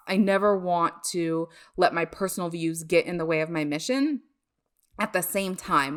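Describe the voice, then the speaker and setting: A woman hosting a solo podcast, talking in a candid, chatty way and laughing at herself now and then. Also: fairly low pitch. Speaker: podcast host.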